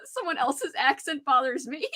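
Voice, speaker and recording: A woman's voice: sits high, sing-song, unhurried, pushed and bright. A young woman with a subdued Louisiana accent, chatting casually and laughing often, with lots of fillers. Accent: American, Louisiana. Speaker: host. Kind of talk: casual chat.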